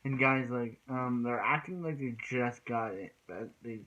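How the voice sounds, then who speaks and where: A man's voice: medium pitch, unhurried, sharp tone, dull audio. A man casually recapping an anime episode as a reviewer, rambling with frequent restarts and "he's like" retellings.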